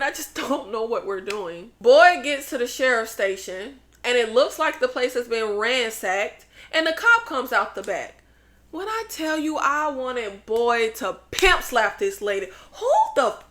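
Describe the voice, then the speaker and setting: High, bright-voiced woman ranting. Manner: animated, blunt, profane venting. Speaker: TV show recap host. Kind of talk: opinionated episode recap.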